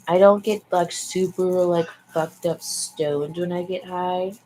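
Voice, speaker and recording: A woman's voice: lowish voice, a little mellow, poor audio. A young woman vlogger chatting in a frank, rambling way, sighing and swearing freely. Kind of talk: casual rambling chat. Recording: faint background noise.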